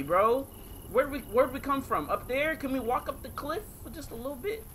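A man's voice: extremely high pitch, lively intonation, normal speed, pushed and bright, a little hiss or hum. Jumpy man in horror game commentary. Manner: jumpy, yelps and swears at scares, talks to viewers. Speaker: gaming video creator.

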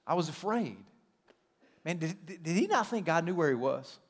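A male pastor giving a conversational sermon, telling stories with a joking, animated manner in a church sanctuary. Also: a little high, a little fast, in a large hall. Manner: conversational, animated storytelling with self-deprecating humor.

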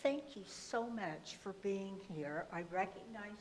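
A woman in the audience asking the panel a question, polite and halting. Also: mid-range voice, darkish tone, long reverb tail.

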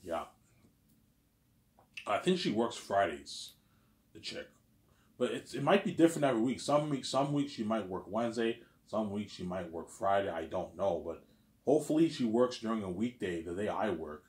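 A man's voice: lowish voice, animated, moderate pace, a little mellow. A man telling a story in a casual, rambling monologue, repeating himself and asking "you know what I'm saying?". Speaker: vlogger.

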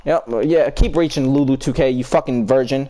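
A man's voice: medium pitch, fairly even intonation, fairly quick, mellow. A young man streaming a basketball game, trash-talking teammates and chatting with viewers in a heated, profane way. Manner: talks to teammates and chat between plays. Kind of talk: live gameplay commentary and chat talk.

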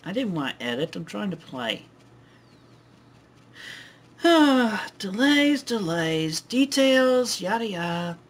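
A woman's voice: mid-range voice, very animated, takes it slowly, pauses often, slight background noise. A woman giving casual, rambling commentary over her own old video, with offhand sighing asides.

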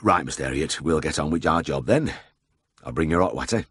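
A man voicing a taciturn old farmer with a Yorkshire accent, speaking quietly and flatly in few words. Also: a bass voice, fairly quick, husky, no room sound, clean studio sound, full character voice. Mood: brisk.

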